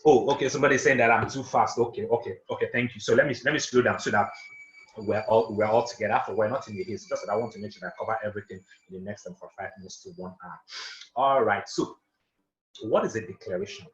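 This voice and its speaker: A man running an interactive online class, talking fast and emphatically, repeating points and asking for confirmation. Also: on the low side, steady tone, roomy sound, dull audio. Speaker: online trainer and coach. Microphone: video call.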